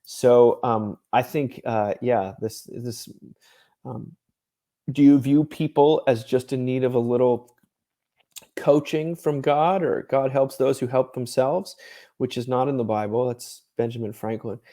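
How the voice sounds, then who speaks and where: A male author interviewed about his book, with a voice of middling pitch. He explains his ideas thoughtfully and at length, and lets small laughs slip between phrases. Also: fairly even intonation, measured pace, warm tone. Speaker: author and ministry director, guest. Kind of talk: conversational interview.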